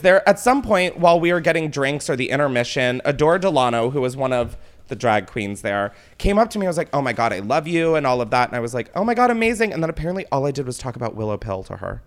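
A man's voice: a little high, fast talker. A man hosting a casual chat, telling a story with lots of swearing and laughter. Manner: animated storyteller, swears freely, laughs often. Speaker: podcast host.

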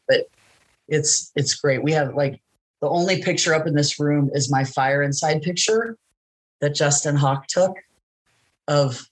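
Chatty, animated middle-aged woman. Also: deep voice, low-quality recording. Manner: animated storyteller, laughs often, acts out quoted voices. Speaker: interview guest, wrestling announcer. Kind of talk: casual chat.

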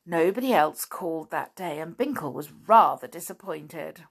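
A woman narrating a children's storybook gently and without hurry. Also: fairly low pitch, animated, normal speed, few pauses.

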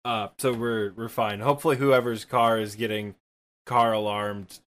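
A man's voice: lowish voice, fairly even intonation, moderate pace, a bit bright. A man in his twenties from Michigan with a Midwestern accent, co-hosting a casual gaming podcast from his apartment, rambling and self-deprecating. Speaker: podcast co-host and streamer.

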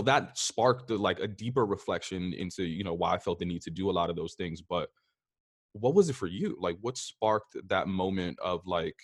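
A man's voice: sits low, husky, dry recording, clean studio sound. A man hosting a podcast, talking reflectively with frequent fillers and asking his guest questions. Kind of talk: casual conversation.

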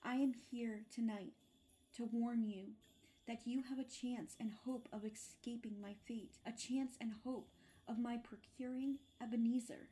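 A woman's voice: on the high side, steady tone, a little slow, dark tone, natural voice. A woman voicing a grim male ghost, a dead miser bound in chains, who speaks in a mournful, solemn, declaiming way.

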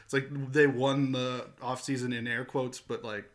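A man co-hosting a podcast, talking baseball in a profane, animated way and laughing often. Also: mid-range voice, moderate pace. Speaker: podcast co-host. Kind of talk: casual sports chat.

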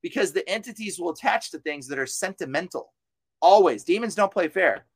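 A man with a high voice preaches with fervent, insistent energy, circling back over the same points. He slips into casual slang like "dude" and "bro". The sound is close and dry, with no room echo. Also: expressive, fairly quick, husky. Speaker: exorcist guest on a podcast. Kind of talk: preachy podcast talk.

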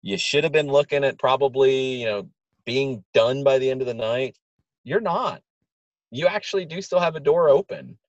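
A man's voice: medium pitch, normal speed, no room sound, lo-fi sound. Blunt man giving soccer analysis, dry sound. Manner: blunt, repeats words while building his point. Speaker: soccer podcast co-host. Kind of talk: casual sports analysis.

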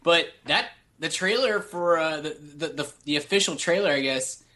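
Man, bright voice, rambling casual chat, lots of restarts, podcast co-host. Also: a little high, moderate pace.

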